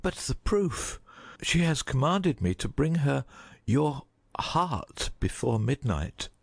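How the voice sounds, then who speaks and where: A man voicing a loyal huntsman torn between duty and mercy, in a slow, heavy, pleading delivery. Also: medium pitch, very animated, vocal fry, exaggerated voice. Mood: worried.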